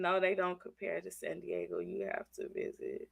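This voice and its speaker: A woman's voice: lowish voice, moderate pace, vocal fry, hardly any pauses, husky. Chatty woman with a stuffy cold. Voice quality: country-sounding speech. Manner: chatty, animated, talks straight to viewers. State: congested from a cold. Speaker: livestream host. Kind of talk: casual livestream chat.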